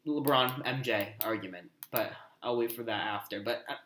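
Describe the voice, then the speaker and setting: Bright-voiced man in an echoey room. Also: medium pitch, normal speed, slight background noise. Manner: thinks aloud, trails off into quiet mumbles. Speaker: podcast co-host. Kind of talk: casual sports debate chat.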